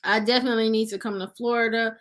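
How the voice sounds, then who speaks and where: A woman's voice: fairly high pitch, level tone, rapid-fire, fairly bright tone. A woman hosting a casual live stream, chatting with viewers and reading their comments aloud, calling them "y'all" and laughing often. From Nashville, Tennessee resident. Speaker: livestream host.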